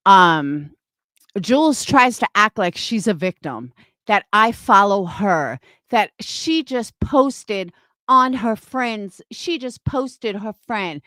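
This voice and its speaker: A woman's voice: mid-range voice, a bit bright, dry recording, clean studio sound. A woman in her fifties ranting on a livestream, profane and scornful, mocking her critics. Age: 50s. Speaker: livestream host.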